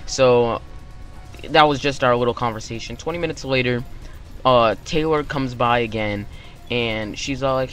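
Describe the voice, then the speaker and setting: A young man hosting his channel, telling a story-time tale in an animated way and acting out the quotes. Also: medium pitch, normal speed, faint music behind. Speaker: YouTube channel host.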